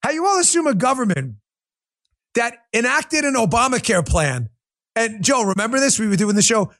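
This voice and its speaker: Male podcast host, high and very animated voice, sarcastic, profane, rant-style commentary. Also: moderate pace. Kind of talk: ranting political commentary.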